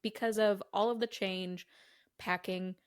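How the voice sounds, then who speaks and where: A woman's voice: medium pitch, fairly even intonation, a little slow, clear, resonant tone. Supportive woman podcast co-host. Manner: supportive, affirming listener. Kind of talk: casual chat.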